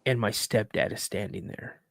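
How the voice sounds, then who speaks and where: A man telling an emotional personal story in an earnest, halting way, full of restarts as he fights back tears. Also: on the low side, fairly even intonation, vocal fry, no echo.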